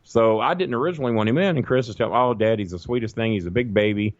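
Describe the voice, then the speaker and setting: A man telling a long, profane, animated story in a casual podcast chat. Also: fairly low pitch, very fast, no room sound, dull audio. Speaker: guest storyteller.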